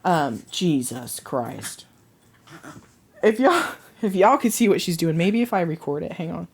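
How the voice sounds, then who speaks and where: A woman's voice: fairly low pitch, very animated, measured pace, husky. A woman hosting her own podcast from home, chatting casually, rambling and laughing at her own jokes. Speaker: podcast host. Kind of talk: casual chat.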